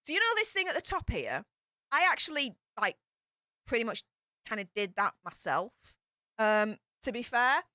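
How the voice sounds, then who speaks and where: A woman's voice: on the high side, sing-song, normal speed, bright, forceful tone, no room sound, clean studio sound. Bubbly woman streamer. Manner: bubbly, chatty, rambling with fillers. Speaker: YouTube host. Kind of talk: livestream chat reading super chats.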